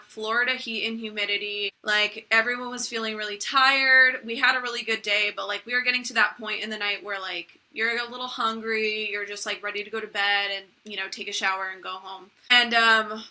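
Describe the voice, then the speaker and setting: Bright-voiced chatty young woman. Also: on the high side. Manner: chatty, storytelling, acts out quotes. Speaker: podcast co-host. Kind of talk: casual chat.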